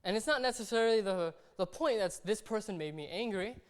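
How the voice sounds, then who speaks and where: This pastor's high-pitched voice is expressive, clear and resonant, running a little fast. He preaches conversationally in a church hall, dramatizing everyday scenes, with long reverb from the hall.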